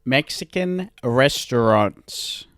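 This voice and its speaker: A woman's voice: animated, drawn-out words, dry recording, studio quality. A woman co-hosting a comedy podcast, chatting casually and riffing into laughing rants. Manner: giggly, riffing, bursts into high laughing rants. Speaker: podcast co-host.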